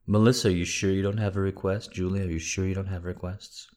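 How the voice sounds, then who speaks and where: A man's voice: low-pitched, flat delivery, fast talker, a little mellow. A man hosting a livestream, chatting casually and rambling with jokes and lots of swearing as he thanks supporters. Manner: rambling, profane, joking. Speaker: livestream host reading requests for patrons.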